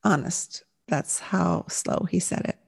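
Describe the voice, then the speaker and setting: A woman's voice: lowish voice, takes it slowly, gravelly, darkish tone, husky. A woman in her sixties giving a personal faith testimony, telling her story in an earnest, reflective way. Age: 60s.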